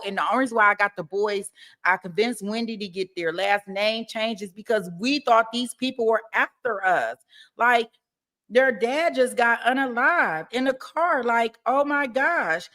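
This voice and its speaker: A woman hosting a casual livestream about a trial, talking in an animated way, laughing often and acting out mock testimony. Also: mid-range voice. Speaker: true-crime trial commentary host.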